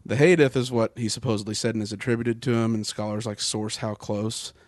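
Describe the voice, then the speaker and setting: A man's voice: fairly low pitch, steady tone, a little fast, no echo. A man co-hosting a podcast, laying out facts at length in casual talk with fillers. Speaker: podcast co-host. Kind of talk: casual political chat.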